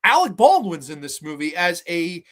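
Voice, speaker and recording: A man in his twenties hosting a show, telling stories and reviewing movies in an animated, profane, rambling way. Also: high-pitched, normal speed. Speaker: host. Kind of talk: casual storytelling and movie commentary.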